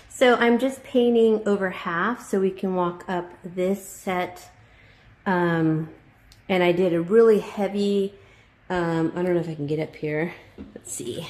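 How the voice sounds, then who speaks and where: A woman narrating her home painting job in a casual vlog, rambling with fillers and small laughs, hurried for time. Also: on the low side, fairly even intonation, a little mellow. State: hurried, under time pressure. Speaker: DIY vlogger. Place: inside a house, on the stairs and landing.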